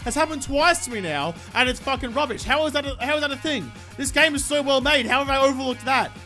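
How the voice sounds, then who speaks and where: A man commentating his own gameplay, swearing and ranting excitably at the game. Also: very high-pitched, quick pace, soft background music. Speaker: gaming YouTuber.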